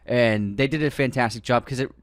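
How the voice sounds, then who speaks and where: A man's voice: mid-range voice, a little fast, dry recording. A man co-hosting a podcast, chatting casually and enthusiastically about movies, rambling with fillers and restarts. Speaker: podcast co-host. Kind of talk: casual film discussion.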